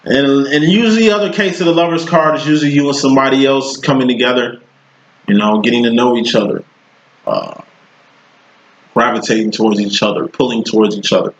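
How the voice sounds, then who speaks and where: A man's voice: mid-range voice, animated, brisk, muffled recording, a little hiss or hum. A man giving a casual tarot reading, talking in a profane, slangy, rambling way. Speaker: tarot reader.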